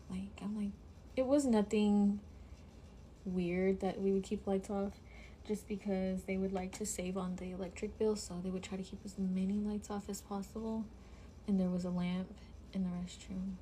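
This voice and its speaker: A woman's voice: medium pitch, mellow. Woman, casual storytime, chatty, filler-heavy, faint background noise. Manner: chatty, full of "like", drops to a whisper when quoting.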